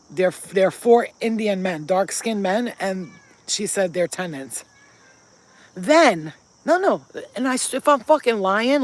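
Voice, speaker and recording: A woman vlogger telling stories to camera in a blunt, profane way, breaking off to talk baby talk to her pets. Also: medium pitch. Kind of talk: casual storytelling to camera.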